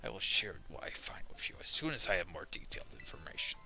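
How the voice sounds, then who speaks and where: Whispered role-play: man doing a secretive, formal sweet-toothed gent, deep gravelly hush. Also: sing-song, fast, soft background music, full character voice. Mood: conspiratorial. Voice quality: hushed, breathy whisper. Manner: formal, conspiratorial.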